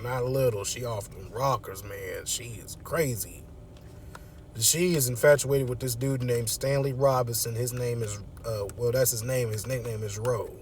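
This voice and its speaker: A man's voice: medium pitch, slight background noise. A man casually recapping a movie from his car, laid-back and slangy with frequent chuckles.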